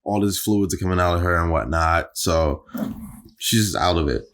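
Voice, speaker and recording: Very deep-voiced young man, slangy chat. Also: moderate pace, gravelly. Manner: relaxed, slangy, lots of "like" and "yo". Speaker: podcast co-host. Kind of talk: casual chat.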